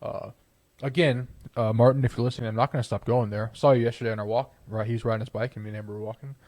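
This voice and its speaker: A man's voice: medium pitch, steady tone, fast, darkish tone, no room sound. A young man co-hosting a podcast, chatting casually and arguing his opinions with playful confidence. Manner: opinionated, playful, trails off in restarts. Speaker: podcast co-host. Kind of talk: casual chat.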